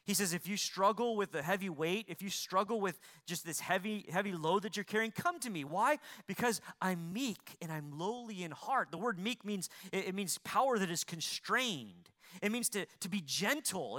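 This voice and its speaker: A man preaching a sermon to a congregation, asking them questions and repeating lines for emphasis, swinging between loud emphasis and quiet pleading. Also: high-pitched, animated, normal speed, hardly any pauses. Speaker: pastor.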